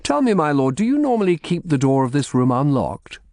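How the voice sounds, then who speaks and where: A man's voice: on the high side, very animated, a little fast, a little mellow, no echo, clean studio sound, voice pushed up. A man voicing a shrewd middle-aged lawyer who speaks firmly and asks probing questions.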